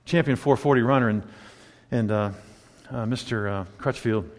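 A man's voice: mid-range voice, moderate pace. A man preaching a sermon, telling a story animatedly and acting out the scenes. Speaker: pastor. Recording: long hall reverb.

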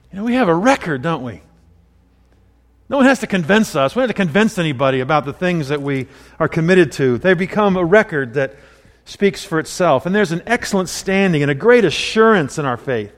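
A man delivers a sermon in an easy, storytelling way, weaving personal anecdotes into scripture. His voice sits slightly high for a man. The sound carries a long hall reverb. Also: expressive, brisk. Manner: conversational preaching with personal anecdotes. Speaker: pastor.

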